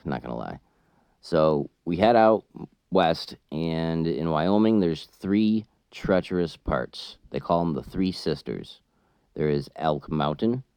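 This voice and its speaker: Very deep-voiced man telling a profane story. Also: clean tone, dry recording. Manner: profane, animated storytelling that gets loud when worked up. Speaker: trucker and chess channel host. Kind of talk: casual storytelling over a chess game.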